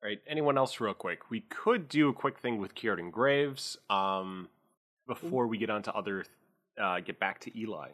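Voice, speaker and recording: A man's voice: on the low side, moderate pace, a bit bright. Rambling man narrating a tabletop game. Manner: rambling, many fillers. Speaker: game master.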